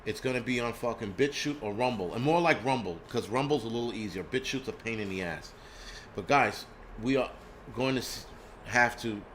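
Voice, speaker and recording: A man's voice: medium pitch, fairly bright tone, slight background noise. A man from the United States hosting his own channel, talking bluntly in a profane, rambling rant. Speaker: channel host. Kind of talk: casual livestream rant.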